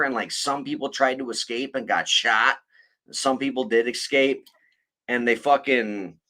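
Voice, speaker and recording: A man's voice: medium pitch, sharp tone. A man hosting a podcast, telling a story in a rambling, profane way. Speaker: podcast host. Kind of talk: casual chat.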